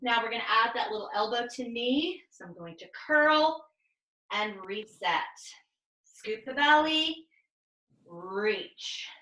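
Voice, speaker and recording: A woman leading a pilates class over a video call, giving calm step-by-step cues and counting reps. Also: on the high side, takes it slowly, roomy sound, poor audio. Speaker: pilates instructor. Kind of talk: guided exercise class cues.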